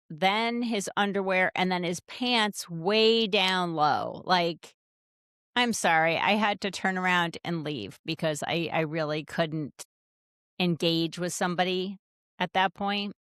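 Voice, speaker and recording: A woman's voice: fairly low pitch, takes it slowly, fairly bright tone, clear, resonant tone, dry recording, clean studio sound. A woman podcast host telling a casual, wry, self-deprecating story in a chatty monologue.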